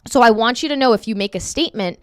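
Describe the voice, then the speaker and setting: Brief: woman sales trainer on a video call, smooth clear voice, casual coaching tone. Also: a little high, quick pace, dry recording, clean studio sound. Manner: upbeat and conversational, acts out sample calls. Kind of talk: screen-share training session.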